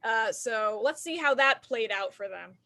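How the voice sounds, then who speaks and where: A woman's voice: fairly high pitch, animated, measured pace, sharp tone. A woman hosting an online improv show, setting up scenes in a playful mock-earnest way. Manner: mock-earnest, chatty with fillers.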